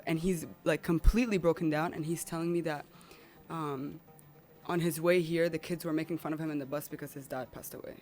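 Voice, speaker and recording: A woman's voice: fairly low pitch, steady tone, moderate pace, faint music behind. A woman guest on a podcast telling a personal story in an emotional, rambling way.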